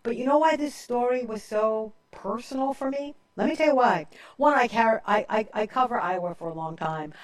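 An older woman hosts a political talk show on the radio, telling stories with emphasis and constantly checking in with "okay?" Her voice sits fairly high and moves at a moderate pace with few pauses, picked up by a distant mic.

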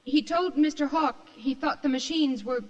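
An actress playing an eager young secretary giving earnest testimony, in 1940s radio acting. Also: female voice, high-pitched, moderate pace, natural voice. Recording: muffled old radio recording.

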